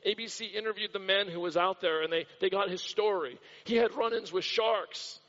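High-voiced pastor preaching in a reverberant hall. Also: male voice, moderate pace, a bit bright. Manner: storytelling, dramatic repetition. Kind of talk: sermon. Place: church hall. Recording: dull recording with long hall reverb.

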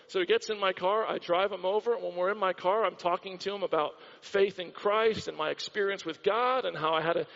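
A man's voice: high-pitched, gravelly, fairly bright tone. A man preaching a sermon with impassioned repetition, recorded in a church hall. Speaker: pastor. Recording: dull sound with long hall reverb.

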